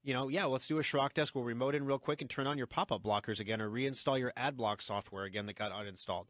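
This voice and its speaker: A man hosting a radio call-in show, talking briskly and reassuringly in casual chat with a caller. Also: medium pitch, fairly even intonation, a bit bright, no echo.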